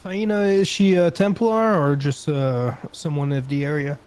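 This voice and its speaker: A man's voice: on the high side, fairly even intonation, normal speed, darkish tone, smooth, natural voice. A man voicing a poor peasant, a disguised ninja, asking curious, probing questions. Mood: inquisitive.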